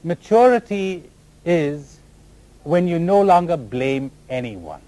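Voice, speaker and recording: Lively, teasing man giving a spiritual talk. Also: a little high, slow. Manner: animated, teasing, full of rhetorical questions; mimics other people in raised voices. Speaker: spiritual teacher. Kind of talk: spiritual talk to a live audience.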